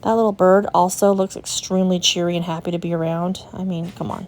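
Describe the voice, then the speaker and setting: This young adult vlogger from the U.S., who runs a resale booth, chats and gushes to her viewers as she walks a shop and shows off finds. Her slightly low, a little mellow voice stays level, moving fairly quickly with few pauses. Slight background noise can be heard.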